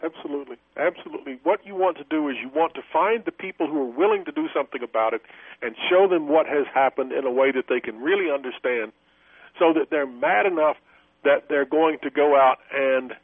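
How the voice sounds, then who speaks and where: A man's voice: on the high side, a little fast, no room sound. Emphatic man on a phone line. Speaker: radio show guest. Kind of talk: political talk radio chat.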